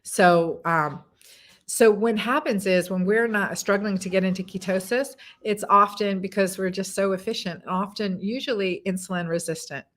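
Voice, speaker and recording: A woman's voice: mid-range voice, steady tone, moderate pace, a bit bright. A woman doctor hosting a casual live stream, answering viewers' comments in a chatty way, with plenty of fillers and repeated words. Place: home in Texas.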